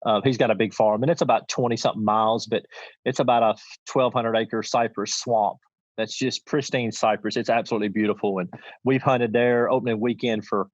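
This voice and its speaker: A man's voice: lowish voice, steady tone, a little fast, no echo. A middle-aged man, telling a hunting story in a folksy, rambling way full of restarts. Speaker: podcast guest, champion goose caller. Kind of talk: casual storytelling. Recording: dull lo-fi dry sound.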